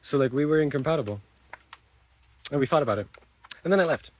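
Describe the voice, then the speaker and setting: A man's voice: on the high side, animated, quick pace, slight background noise. A man livestreaming to his chat, talking defensively, repeating himself and swearing.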